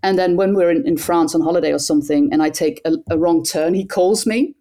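Dutch woman, low mellow voice, animated. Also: a little fast. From Netherlands. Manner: animated, self-deprecating, frequent restarts. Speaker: cycling commentator. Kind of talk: conversational interview.

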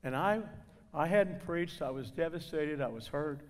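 A man's voice: on the high side, normal speed. Preacher man telling a testimony. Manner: storytelling, acting out quoted voices. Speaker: guest preacher. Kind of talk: sermon testimony. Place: church. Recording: reverberant church hall.

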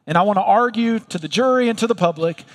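A man's voice: high-pitched, quick pace, pitched above the performer's own voice. A man voicing an apostle as an earnest courtroom attorney, questioning witnesses formally. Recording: long reverb of a large hall.

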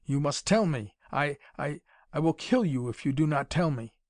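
A man's voice: fairly high pitch, animated, normal speed, dry recording, clean studio sound, lightly acted. A man voicing a desperate, scheming male scientist villain who talks shrilly and frantically. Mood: frantic.

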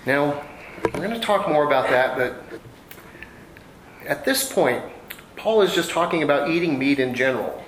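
A man's voice: fairly high pitch, animated, normal speed, pauses often, a bit bright, a little hiss or hum. Man preaching in an echoey room. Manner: conversational preaching with homey anecdotes. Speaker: pastor. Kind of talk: sermon. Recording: echoey room with faint ambience.

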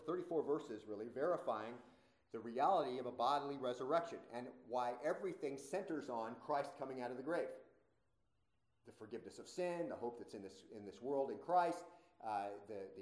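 A man's voice: fairly high pitch, a little mellow, echoey room, rough recording. A male pastor preaching a sermon in a conversational way, with many rhetorical questions.

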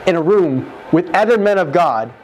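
Excitable young man, slightly high voice. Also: slight background noise. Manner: excited, rushed, fills speech with "like". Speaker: guest telling his near-death story. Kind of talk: emotional testimony in a conversation. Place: room with other men holding mics. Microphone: handheld mic.

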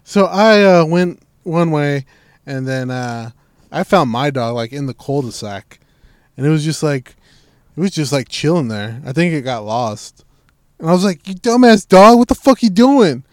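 A man's voice: medium pitch, unhurried, no room sound, studio quality. A young man in casual chat, telling a story with lots of swearing and acting out what people said. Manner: profane, animated storytelling, voices quoted people.

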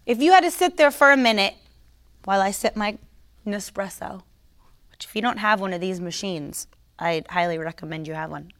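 A woman giving a casual, conversational faith teaching to her online followers, emphatic and sometimes mocking, pausing to sip coffee. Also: mid-range voice, a bit bright. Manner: sips coffee while talking. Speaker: Christian teacher.

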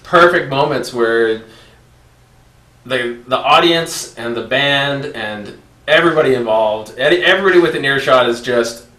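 A man in casual chat, talking with lively, laughing enthusiasm. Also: medium pitch, unhurried, distant mic. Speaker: band member and co-host. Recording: roomy echo, off mic.

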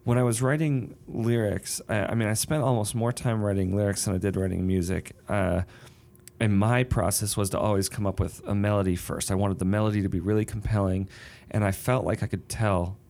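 A man's voice: lowish voice, fairly even intonation, fairly quick, a little mellow. A man who writes songs and novels, talking through his writing process in a thoughtful, casual conversation. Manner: thoughtful, explains with sung rhythms and examples. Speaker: songwriter and novelist.

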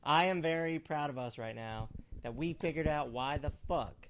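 A man's voice: fairly high pitch, moderate pace, fairly bright tone, slight background noise. A man co-hosting a podcast, chatting casually with rambling, joking asides. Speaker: podcast co-host. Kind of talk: casual chat.

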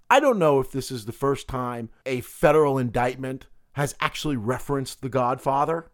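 A man with a cold delivering an indignant, sarcastic political commentary monologue. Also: fairly high pitch. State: has a cold.

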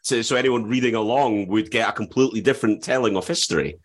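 A man's voice: on the low side, quick pace. A man hosting a casual podcast, reading listener questions aloud and laughing often.

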